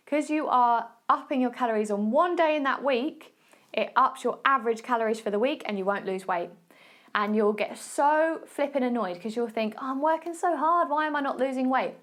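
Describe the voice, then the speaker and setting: A woman with an Essex accent talks straight to her listeners in a casual solo podcast. Her voice sits a little high, and her manner is friendly and encouraging. She keeps checking in with a quick "okay?" as she coaches. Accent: Essex English. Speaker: podcast host and nutrition coach.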